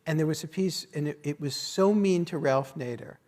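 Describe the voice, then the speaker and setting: A middle-aged man with a slightly raised pitch interviews a guest on stage. He gropes his way through his questions, restarting and filling pauses with hesitations. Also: darkish tone. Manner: halting questions, many restarts. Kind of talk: onstage conversation. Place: theater stage before an audience.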